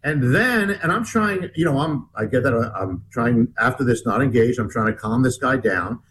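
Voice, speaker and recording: A man telling a story in an interview, animated and rambling, with many restarts. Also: medium pitch, moderate pace, background noise. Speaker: guest author.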